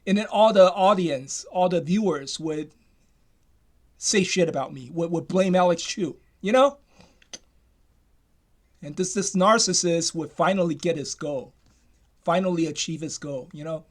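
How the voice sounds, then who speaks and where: A man with a notably high voice rants into his own video. He talks emphatically, circling back and repeating himself, often restarting his sentences. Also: unhurried, long pauses. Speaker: commentator. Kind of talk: ranting commentary.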